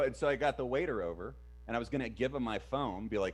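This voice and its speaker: A man in his thirties with a mid-range voice, co-hosting a casual streamed chat. He talks in a relaxed, hesitant way, with many fillers and pauses. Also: mid-range voice. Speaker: podcast co-host.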